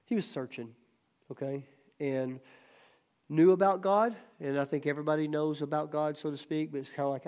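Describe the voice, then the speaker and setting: A male pastor leads a Bible study in a slightly high, smooth voice at a moderate pace. He's a lively storyteller, laughing often and acting out the quotes in his stories.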